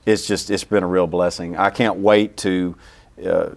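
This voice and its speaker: A man from Louisiana with a Southern accent, an orchestra CEO who answers interview questions in a halting, humble way and often repeats himself. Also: sits low, level tone. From Louisiana, United States. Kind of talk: casual interview.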